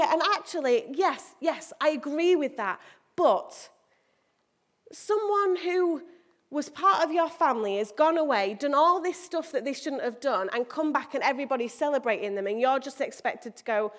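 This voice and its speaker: High-voiced woman preaching a lively sermon. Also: normal speed. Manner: animated, acts out quoted voices with big pitch jumps.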